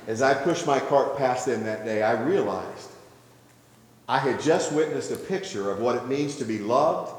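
A man preaching a sermon, telling a story with gentle humor before moving into earnest teaching. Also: medium pitch, expressive, normal speed, slight background noise. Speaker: pastor. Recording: very echoey hall with long reverb.

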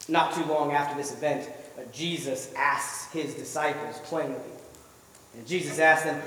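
A man's voice: on the high side, fairly even intonation, moderate pace, a bit bright. A man preaching a sermon, retelling a story vividly and asking the listeners rhetorical questions. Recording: echoey hall, voice from far off.

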